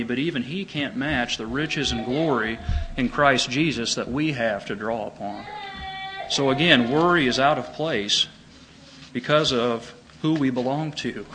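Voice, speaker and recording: A middle-aged man preaching a sermon, earnest and emphatic, pitching up on his key points. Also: fairly bright tone, slight background noise, rough recording.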